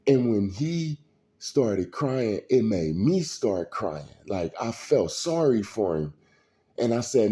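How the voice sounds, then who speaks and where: A middle-aged man, telling stories in a slow, preachy street style. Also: fairly low pitch, animated, dark tone. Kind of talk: casual storytelling monologue.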